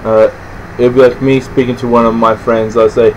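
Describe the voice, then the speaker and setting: An Australian man explaining things casually and unscripted, halting and rambling with many restarts and fillers. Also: medium pitch, little pitch movement, a little hiss or hum, poor audio. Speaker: presenter explaining slang.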